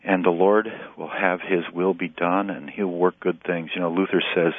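Very deep-voiced pastor on a phone line. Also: male voice, fairly even intonation, no room sound. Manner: earnest, halting, with restarts. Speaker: pastor and relief agency director. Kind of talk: phone-in radio interview. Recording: tinny phone line, dry.

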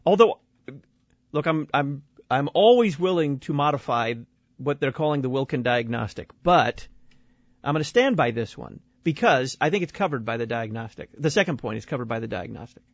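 A man's voice: medium pitch, animated, normal speed, no echo, lo-fi sound. A man from Texas hosting a talk show and critiquing sermons. He speaks bluntly and wryly, often repeating words as he starts a point. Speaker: radio show host.

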